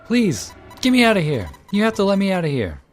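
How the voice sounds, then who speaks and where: A man voicing a terrified young woman in a game reading, shrieking in falsetto and then speaking in a trembling hush. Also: level tone, normal speed, soft background music. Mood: hysterical screaming.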